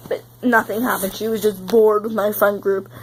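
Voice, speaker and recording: A woman's voice: medium pitch, level tone, normal speed, slight background noise, rough recording. A young woman in her teens vlogging, upset and close to tears, rambling and saying "like" a lot. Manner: tearful, rambling, heavy use of "like". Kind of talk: emotional confessional vlog.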